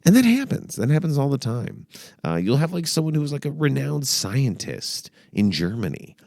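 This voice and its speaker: A man hosting a comedy show, giving sarcastic, profane advice in a rambling, animated way. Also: medium pitch, moderate pace, creaky, no echo, clean studio sound. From United States. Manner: sarcastic, profane, animated, puts on mock accents. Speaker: comedy podcast host.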